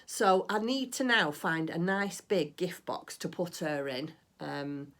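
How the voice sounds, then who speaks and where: Chatty low-voiced woman vlogger. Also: takes it slowly, a bit bright. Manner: chatty, rambling, gushing with delight. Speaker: crafting vlogger. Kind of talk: casual chat.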